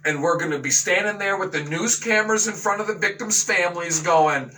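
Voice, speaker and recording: A high-pitched man with a bright, sharp tone hosts a talk radio show, venting outrage in a sarcastic rant. He sounds a little distant from the microphone. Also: lively intonation, normal speed, hardly any pauses. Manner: outraged, sarcastic ranting with mocking voices. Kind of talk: opinion talk radio monologue.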